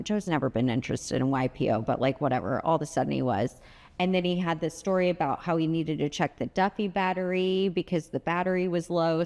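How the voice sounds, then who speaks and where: A woman chatting as a podcast guest, telling a story with lots of fillers and acting out quoted lines in a brighter voice. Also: big-room sound. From United States (Bay Area). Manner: chatty, filler-heavy, acts out quoted dialogue in a higher voice. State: had lost her voice at the time told, not now. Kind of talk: candid storytelling chat.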